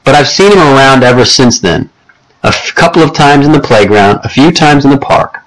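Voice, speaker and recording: A man's voice: medium pitch, expressive, brisk, a bit bright, poor audio. A man reading a first-person audiobook story in a plain, conversational way. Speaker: audiobook narrator.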